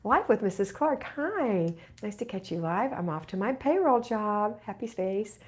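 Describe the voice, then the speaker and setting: A woman's voice: mid-range voice, lively intonation, moderate pace. A middle-aged woman hosting a live question-and-answer stream, reading viewer comments aloud and answering with chatty encouragement. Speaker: home organizing channel host.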